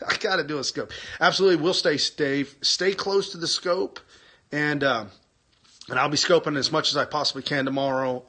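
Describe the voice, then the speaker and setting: A man's voice: a little high, a little fast, bright, forceful tone. A man hosting a casual live stream, chatting with viewers and reading their comments aloud, enthusiastic, laughing and repeating himself.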